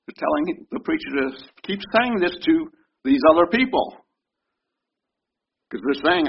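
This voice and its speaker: A man's voice: on the high side, expressive, unhurried, pauses often, husky, dull audio. A man preaching a sermon in an emphatic way, repeating phrases for effect. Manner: emphatic, repeats and mimics congregation shouts.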